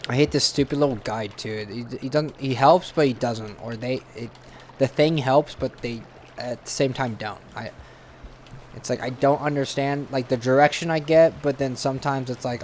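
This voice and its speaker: A man's voice: medium pitch, moderate pace, slight background noise. A young man giving casual gameplay commentary, tense and swearing, with sudden jumpy outbursts. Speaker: gaming channel host.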